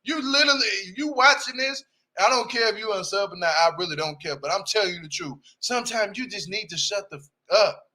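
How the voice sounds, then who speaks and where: Brash, high-voiced man ranting. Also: a little fast, sharp tone. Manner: blunt, brash, slangy, repeats "you hear me?". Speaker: reality TV reviewer. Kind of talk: casual, animated commentary.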